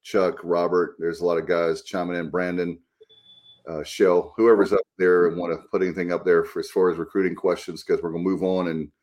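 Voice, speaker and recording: A man's voice: deep voice, flat delivery, brisk, darkish tone. A man hosting a casual sports chat, rambling with enthusiasm, steering the talk. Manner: enthusiastic, rambling, runs the show. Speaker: podcast host.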